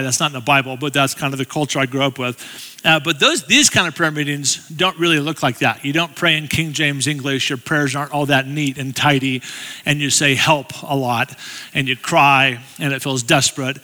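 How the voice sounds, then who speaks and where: Bright-voiced man preaching in a hall. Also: a little high. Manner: conversational, self-deprecating, with asides to the audience. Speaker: guest speaker. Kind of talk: storytelling sermon. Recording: long hall reverb.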